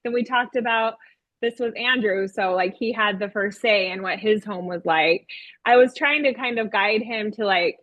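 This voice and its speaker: A woman kindergarten teacher telling a classroom story in casual conversation, animated and playful, laughing as she talks. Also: a little high, no room sound, muffled recording.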